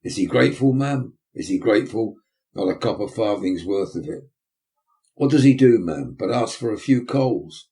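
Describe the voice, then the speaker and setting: A man's voice: on the low side, expressive, moderate pace. A man doing a blustering pompous beadle. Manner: blustering, indignant, loud. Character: pompous self-important male parish beadle.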